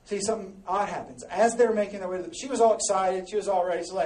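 Animated male pastor in an echoey hall. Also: high voice, quick pace, few pauses. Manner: animated, joking with the congregation. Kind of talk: sermon. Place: large church hall. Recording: echoey hall, mic at a distance.

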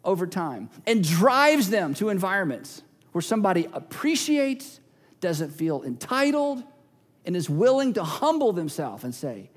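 Man, pastor, sermon, emphatic, repeats key lines, high voice, long hall reverb. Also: big pitch swings, measured pace. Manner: emphatic, repeats key phrases, acts out little scenes.

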